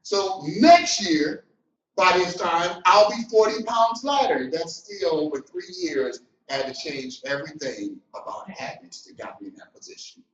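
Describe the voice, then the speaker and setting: A middle-aged man giving a motivational business talk, animated and preacher-like, swinging between loud and soft. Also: high-pitched, unhurried. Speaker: business coach. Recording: roomy, distant, dull sound.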